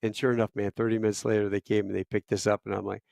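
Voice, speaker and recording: Gravelly man telling a war story. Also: lowish voice, level tone, rapid-fire, no room sound, clean studio sound. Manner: profane, loud bursts and quiet asides. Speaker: podcast guest. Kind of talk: casual storytelling.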